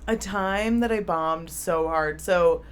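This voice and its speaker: A woman's voice: on the low side, slow pace, clear, resonant tone. A young woman, a stand-up comedian, chatting casually on a podcast, swearing often and filling her stories with "like". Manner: swears a lot, storytelling with many "like" fillers.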